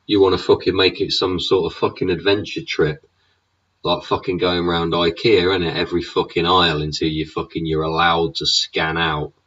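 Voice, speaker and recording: Brief: low-voiced bloke, husky, sweary rant, dull lo-fi sound. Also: male voice, level tone, moderate pace, a bit bright. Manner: swears constantly, rhetorical tags like "innit" and "yeah". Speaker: show host. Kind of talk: profane ranting monologue. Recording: dull lo-fi recording.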